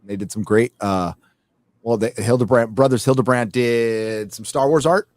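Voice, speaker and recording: A man's voice: medium pitch, normal speed, darkish tone, no echo. A man hosting a casual panel chat, reading viewer donations aloud in a rambling way, with fillers and self-corrections.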